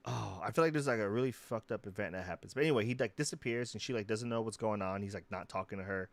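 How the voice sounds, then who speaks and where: A man's voice: on the low side, fast, creaky, dry recording. Young man, rambling casual chat. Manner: rambling, animated retellings with acted-out quotes. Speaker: podcast co-host.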